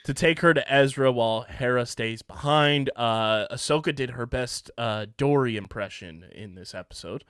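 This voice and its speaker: A man's voice: medium pitch, fairly bright tone, smooth, no room sound, clean studio sound. A man hosting a casual podcast, joking around and reading a sponsor spot with lots of fillers. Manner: jokey, filler-heavy, quick. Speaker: podcast host.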